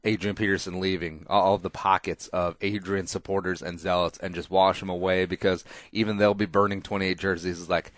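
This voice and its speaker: Deep-voiced opinionated male podcast host. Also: flat delivery, fairly quick, few pauses, no room sound, studio quality. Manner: opinionated, emphatic, rambling, swears freely. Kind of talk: casual podcast chat.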